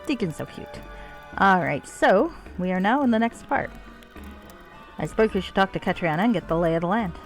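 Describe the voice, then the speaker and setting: A woman's voice: medium pitch, animated, fairly quick. A woman streamer casually chatting while playing, sweary and self-mocking, with faint game music behind her. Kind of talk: casual gameplay commentary.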